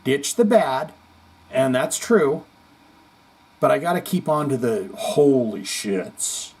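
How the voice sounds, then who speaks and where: A man's voice: medium pitch, very animated, slow pace, darkish tone, slightly rough, low-quality recording. A man hosting a casual podcast, reading viewer comments aloud with chatty, rambling asides. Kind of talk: casual chat.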